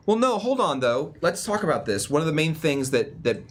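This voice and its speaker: A man narrating as game master for a tabletop roleplaying game, talking in a relaxed, conversational way. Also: on the high side, brisk, slight background noise. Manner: relaxed and conversational, with frequent fillers and restarts.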